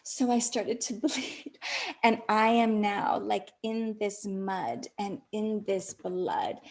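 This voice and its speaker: Woman host, intimate confessional read: slow, breathy, near-whispered, chatty with a laugh in it. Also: mid-range voice, a little mellow. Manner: chatty, with many "like" fillers and frequent laughs. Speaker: podcast host. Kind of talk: intimate personal storytelling.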